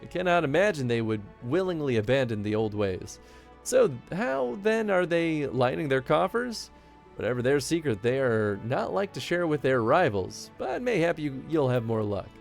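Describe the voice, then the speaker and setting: A man's voice: fairly high pitch, very animated, normal speed, creaky, faint music behind, pitched above the performer's own voice. A shrewd, formal pirate captain, read by a man. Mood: musing. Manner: formal, old-fashioned phrasing. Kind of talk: reading game dialogue aloud.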